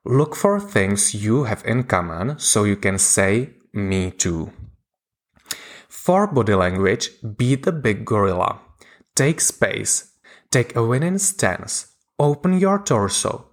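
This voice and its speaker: A man calmly narrating a scripted lesson as a communication coach, in a measured, deliberate way with pauses. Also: medium pitch.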